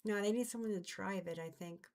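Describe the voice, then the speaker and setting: A woman's voice: medium pitch, brisk, a little mellow. Woman streamer thinking aloud. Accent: light American Southern. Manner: thinking aloud, spelling words out, trailing off mid-sentence. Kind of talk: casual live-stream chat while working on a game map.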